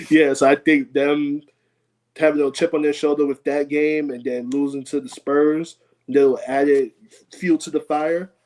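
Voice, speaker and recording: A man's voice: fairly high pitch, flat delivery, unhurried, a little mellow, poor audio. Laid-back man on a sports podcast. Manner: laid-back, many ums and hedges. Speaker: podcast co-host. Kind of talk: casual sports chat.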